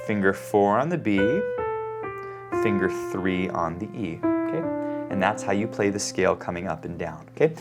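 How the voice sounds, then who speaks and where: On the low side, this man's voice guides a piano lesson as he demonstrates at the keyboard. He calls out note names and fingerings while playing and checks in with frequent "okay?" prompts, over loud piano.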